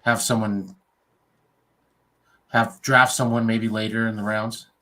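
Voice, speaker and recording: A man's voice: lowish voice, level tone, slow pace, bright, forceful tone. A man on a sports chat panel, plain-spoken and opinionated.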